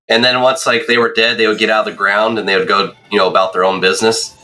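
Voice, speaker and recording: A young man streaming a game, telling rambling, excitable stories in casual chat and checking in with "right?". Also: fairly low pitch, fast talker, few pauses, faint music behind. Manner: excitable, swears.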